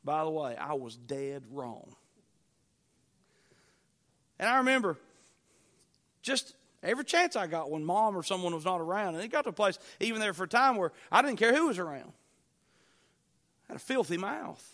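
A middle-aged man preaching with a high, bright and forceful voice. He tells stories softly, then builds to loud, urgent pleading. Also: very animated, normal speed, pauses often. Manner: rises from quiet storytelling to loud pleading. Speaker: pastor. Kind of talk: sermon.

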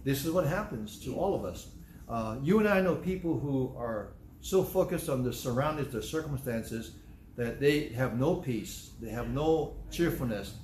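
A man's voice: mid-range voice, expressive, moderate pace, darkish tone, slight background noise. Man preaching a sermon in an echoey church. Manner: repeats phrases for emphasis, acts out quoted voices. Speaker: pastor. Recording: echoey room, faint ambience.

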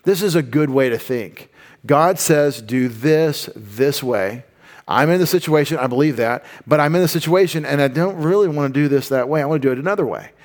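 A man's voice: on the high side, quick pace. A man giving a conversational Bible teaching, informal and explanatory, with frequent asides and restarts.

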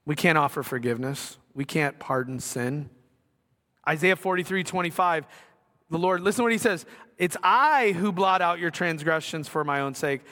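Man, middle-aged, high voice, bright, sermon, conversational asides, echoing gymnasium. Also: normal speed. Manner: conversational, self-deprecating asides. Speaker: pastor. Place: school gymnasium. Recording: long reverb of a gymnasium.

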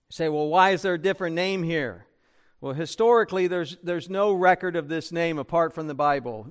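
A man's voice: on the high side, smooth. A man preaching a sermon as pastor, conversational and full of rhetorical questions to the congregation. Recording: church broadcast recording.

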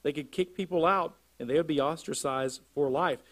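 A man with a slightly high voice preaching a verse-by-verse sermon. He reads scripture aloud, then unpacks it in plain terms, often checking in with "right?". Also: moderate pace. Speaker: pastor. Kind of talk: expository sermon.

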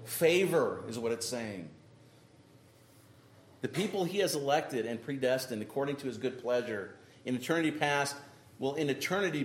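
A man preaching a sermon, emphatic, often checking in with the congregation with a quick "right?". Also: medium pitch. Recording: echoey room with faint noise.

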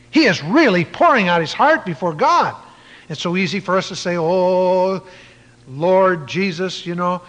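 Male preacher, high lively voice, big echoey hall, really emphatic. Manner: emphatic, spells out words letter by letter. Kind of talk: sermon.

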